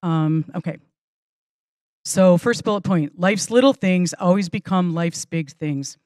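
A woman's voice: on the low side, unhurried, darkish tone, dry recording, clean studio sound. A middle-aged woman pastor teaching mothers in a chatty, earnest way, with restarts and small laughs. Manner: earnest, stresses key points. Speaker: pastor teaching a women's class. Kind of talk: conversational teaching.

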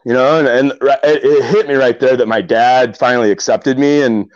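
A man's voice: medium pitch, moderate pace, no room sound, muffled recording. Rambling middle-aged man telling fishing stories. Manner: rambling, animated storyteller with many fillers and restarts. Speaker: kayak angler guest. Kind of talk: casual storytelling interview.

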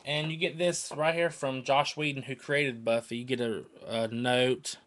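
A man's voice: mid-range voice, steady tone, moderate pace, a bit bright. A man in his twenties from North Carolina with a Southern accent, talking to camera in a rambling, earnest and emotional way that repeats itself. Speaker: vlogger. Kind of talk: casual rambling vlog to camera.

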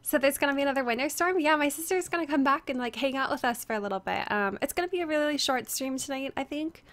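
Her voice high-pitched and fairly bright, a young woman streams a game at a quick pace and chats casually with viewers through a headset. She sounds strained after screaming the day before and uses many fillers while greeting people by name.

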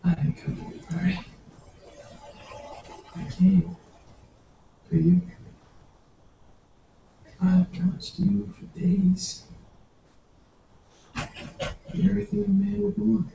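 A man's voice: sits high, little pitch movement, vocal fry, echoey room, distant mic, dull audio, slight background noise, full character voice. A man playing an eerie whispering detective with a Boston accent. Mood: eerie, hushed. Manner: slow, hushed, drops to whispers. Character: eerie obsessed male detective, calm and menacing. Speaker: audition actor.

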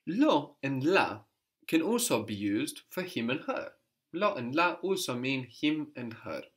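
A man's voice: mid-range voice, big pitch swings, unhurried, fairly bright tone. Patient male language teacher. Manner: patient, prompting questions, repeats answers. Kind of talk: guided language lesson.

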